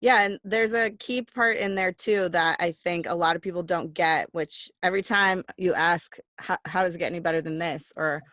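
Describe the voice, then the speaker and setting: A woman's voice: fairly low pitch, moderate pace, hardly any pauses, a bit bright, dry recording. A woman hosting a casual interview over a video call, encouraging and reflective as she talks. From Texas, USA. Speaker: podcast host.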